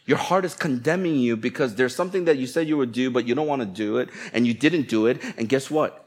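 Speaking fast in a mid-range voice, this pastor delivers a sermon in a chatty, playful style. Along the way he voices what people might be thinking.

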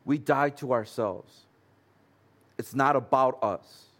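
Pastor guy preaching, chatty and earnest, mid-pitched voice. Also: slow, fairly bright tone. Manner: earnest, conversational preaching with humorous asides. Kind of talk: sermon.

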